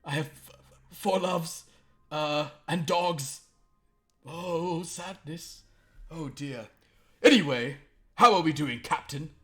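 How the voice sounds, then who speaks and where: A man's voice: fairly high pitch, slow, long pauses, sharp tone, voice pushed up. A man voicing a pompous, lovesick older naval commodore who laments theatrically and breaks into song. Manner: theatrical, mournful, bursts into song.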